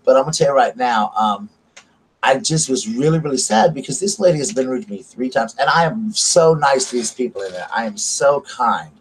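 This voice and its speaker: A man's voice: mid-range voice, lively intonation, brisk, breathy edge, poor audio. A man with a Southern American accent chatting casually to camera, rambling and repeating himself as he retells an argument. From United States. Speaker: vlogger. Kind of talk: casual storytelling chat to camera.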